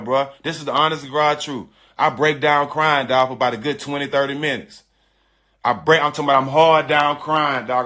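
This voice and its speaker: A middle-aged man telling a personal story in casual, slangy speech, animated and emphatic, often repeating his phrases. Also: fairly high pitch. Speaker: storyteller on a live stream.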